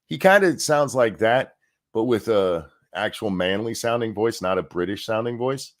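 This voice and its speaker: Hosting a laid-back livestream, this man speaks in a lowish, expressive voice at a moderate pace. His talk is rambling, sarcastic and profane, full of false starts.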